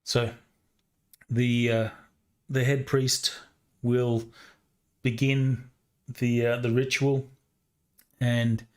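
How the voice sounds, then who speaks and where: Slow, halting game master man. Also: medium pitch, level tone. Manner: slow, hesitant, many fillers. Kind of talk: narrating a tabletop game.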